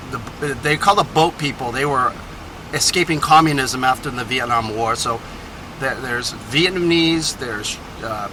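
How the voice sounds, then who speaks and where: Man from texas, travel vlogger, very bright sharp tone, slightly high voice, rambling and digressive. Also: slight background noise, low-quality recording. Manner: chatty, digressive, self-correcting. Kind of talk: casual rambling travel vlog.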